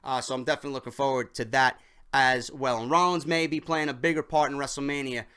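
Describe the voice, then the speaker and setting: A man's voice: mid-range voice, steady tone, fast, sharp tone, clean tone. A young man casually reviewing a wrestling show, enthusiastic and rambling, swearing constantly.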